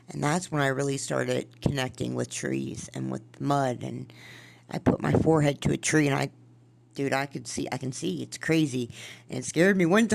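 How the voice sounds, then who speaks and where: A woman podcast host reading from her own journal and musing on it in a casual, rambling way, with a gravelly fry in her voice. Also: extremely low pitch, a little mellow. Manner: rambling, musing, trails off and restarts.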